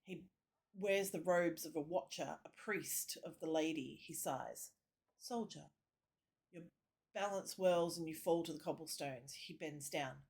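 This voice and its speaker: Woman streamer, reading game text aloud, lowish voice, slow and measured, muttered asides. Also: a little mellow, breathy edge. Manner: reads narration slowly, drops into muttered asides.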